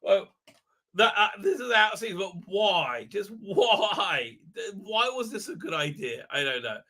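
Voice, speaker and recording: Male host, sharp bright tone, sarcastic rambling reviewer. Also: sits high, big pitch swings, moderate pace. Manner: sarcastic, exasperated, rambling with many fillers.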